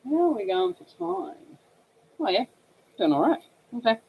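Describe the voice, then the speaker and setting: A woman's voice: a little high, very animated, normal speed, gravelly, highs cut off, a little hiss or hum. Chatty Australian woman livestreaming. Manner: chatty, explains slang to viewers. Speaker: livestream host. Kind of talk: casual livestream chat while coloring.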